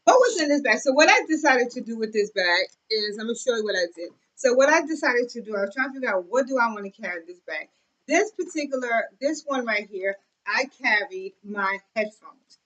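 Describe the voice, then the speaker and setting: A young adult woman with a fairly high voice chats straight to camera. She is effusive and loose, full of fillers and little asides. She sounds relaxed and friendly as she shows off a bag. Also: fairly quick, low-quality recording. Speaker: vlogger. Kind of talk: casual show-and-tell chat.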